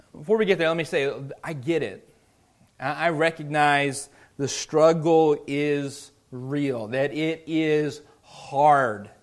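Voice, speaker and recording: A male pastor preaching a sermon in an earnest, conversational way, restarting phrases often and swinging from loud emphasis to quiet, low lines. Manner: swells loud and high for emphasis, drops low and soft on key lines.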